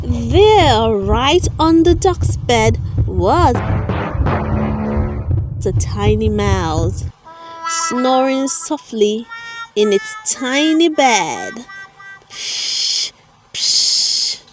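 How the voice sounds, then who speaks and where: A woman reading a children's storybook aloud, narrating in a slow, expressive storytelling way over loud music. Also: fairly high pitch. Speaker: storybook reader.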